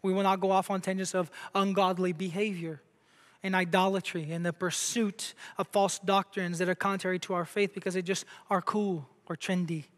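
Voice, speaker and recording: Man from brazil preaching in a church, pretty high voice, lots of hall echo. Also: little pitch movement, normal speed, a bit bright. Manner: emphatic preaching, asks the crowd questions. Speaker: pastor. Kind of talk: sermon. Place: church sanctuary. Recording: long hall reverb.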